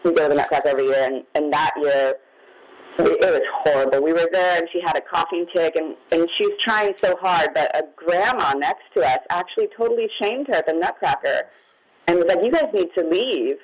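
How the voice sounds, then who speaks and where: A woman's voice: deep voice, brisk, a crowd in the background, poor audio. Candid mother telling a hard story. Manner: open, candid, near tears at times. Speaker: guest, magazine founder. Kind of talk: emotional personal storytelling.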